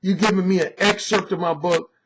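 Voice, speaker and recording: High-voiced boastful man ranting. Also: steady tone, a little fast, heavy background noise. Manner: boastful, emphatic, blunt with profanity. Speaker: author and dating coach. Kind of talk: opinionated monologue.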